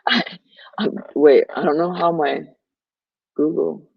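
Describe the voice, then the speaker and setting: A man co-hosting a casual live stream, relaxed, who reads viewer comments aloud. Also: fairly high pitch, slow, creaky, husky, dry recording, dull audio. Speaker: co-host reading chat.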